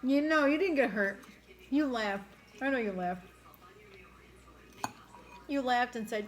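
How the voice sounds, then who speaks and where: A woman's voice: fairly high pitch, animated, takes it slowly, long pauses. A woman from New York with a New York accent, chatting casually and laughing on a mukbang stream, teasing and mimicking how friends talk. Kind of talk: casual chat while eating.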